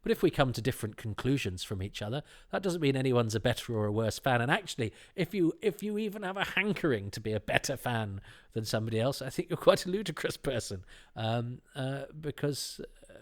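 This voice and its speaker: A man hosting a podcast, talking in a rambling, self-deprecating way with many restarts. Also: medium pitch. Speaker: podcast host. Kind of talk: casual chat.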